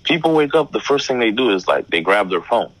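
A man speaking as a guest in casual conversation, calm and reflective, with some slang. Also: mid-range voice, brisk, no echo, rough recording.

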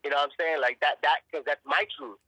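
A man tells his story in a casual podcast chat, pressing hard on his words and swearing freely. His voice is bright and forceful, and he keeps repeating himself as he finds his way. The sound is dry and close, with no room around it. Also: a little high, steady tone, fast, no room sound, low-quality recording. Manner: emphatic, profane, repeats and restarts words. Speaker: actor and podcast guest.

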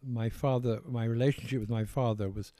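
Posh English older man, mellow voice. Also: mid-range voice, fairly even intonation. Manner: measured, hesitant, circles back with restarts. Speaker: author being interviewed. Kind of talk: reflective interview conversation.

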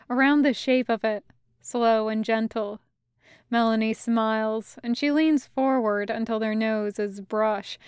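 A woman reads a story aloud in a calm, gentle, unhurried way. Her voice is a touch high and very clear. The recording is dry and close. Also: no room sound. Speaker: audiobook reader. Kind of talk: fanfiction audiobook narration.

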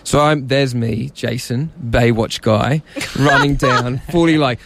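Self-mocking rambling storyteller, gravelly man. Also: mid-range voice, steady tone, takes it slowly, very noisy. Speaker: podcast co-host telling a story. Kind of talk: casual storytelling chat.

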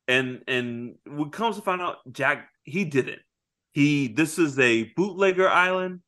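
A man co-hosting a casual movie review podcast, retelling the plot and acting out characters' lines in quick voices. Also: on the high side, animated, sharp tone. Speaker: podcast co-host.

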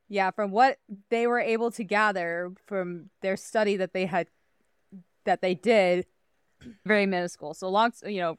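A woman's voice: medium pitch, smooth, dry recording, studio quality. A woman co-hosting a podcast, talking in a loose, rambling way with frequent swearing. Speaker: podcast co-host. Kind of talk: casual chat.

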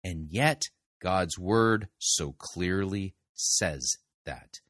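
Low-voiced man giving pointed commentary. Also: a bit bright, no room sound, studio quality. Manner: measured, pointed, drops low to stress points. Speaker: sermon reviewer. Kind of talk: critical commentary.

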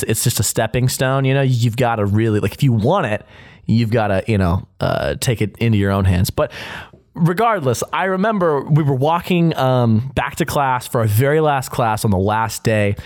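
A man's voice: medium pitch, a little mellow. Young man, podcast co-host, casual chat, rambling, profane, filler-heavy.

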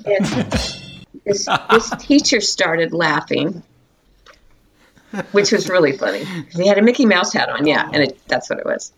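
A woman's voice: on the low side, animated, unhurried, long pauses. An older woman chatting casually as a guest, telling stories and often breaking into laughter. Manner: giggly, storytelling, laughs often. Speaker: guest, interviewee's mother. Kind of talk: casual chat.

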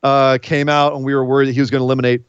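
Emotional excitable man recapping wrestling. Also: mid-range voice, rapid-fire, clear, resonant tone, dry recording, highs cut off. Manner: excitable, gets choked up, emphatic. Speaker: podcast co-host. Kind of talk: casual wrestling recap chat.

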